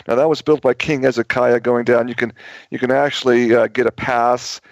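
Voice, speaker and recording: A man's voice: medium pitch, level tone, normal speed, creaky, no echo. Rambling man telling a story on radio. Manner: rambling, many restarts and repetitions. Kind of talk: radio talk show storytelling. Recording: dull lo-fi radio audio.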